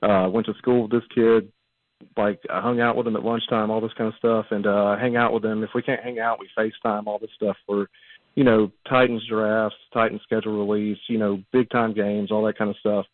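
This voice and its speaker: A man's voice: on the low side, flat delivery, fairly quick, dry recording. Rambling male caller on a phone line. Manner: rambling, many ums and you-knows. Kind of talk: telling a story on a radio call-in.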